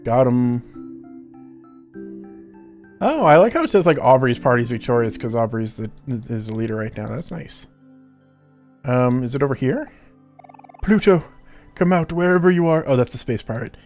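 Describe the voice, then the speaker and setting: A man's voice: mid-range voice, expressive, moderate pace, darkish tone, faint music behind. A man casually commenting while playing a video game, joking about himself as he goes. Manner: joking, self-mocking, laughs often. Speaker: gaming video host.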